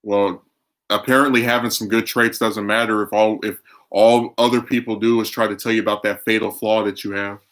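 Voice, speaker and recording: A man's voice: fairly low pitch, flat delivery, fairly quick, fairly bright tone. A man streaming, chatting casually and arguing his opinions while reacting to his chat. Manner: opinionated, argumentative.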